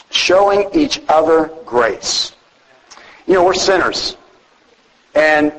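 A middle-aged pastor preaching a conversational sermon on marriage, telling personal stories to the congregation. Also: male voice, fairly high pitch, long reverb tail, rough recording.

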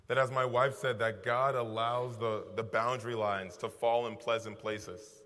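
A man preaching a sermon in a relaxed, conversational and self-deprecating way, with asides and repeated phrases. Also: mid-range voice, unhurried. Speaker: pastor. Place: large hall with an audience. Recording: long hall reverb.

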